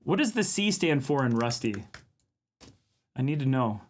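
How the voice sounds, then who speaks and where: A man's voice: medium pitch, sing-song, moderate pace. A man from Minnesota hosting a casual art live stream, chatting and laughing with viewers while he draws. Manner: chatty, laughs often, reads chat aloud.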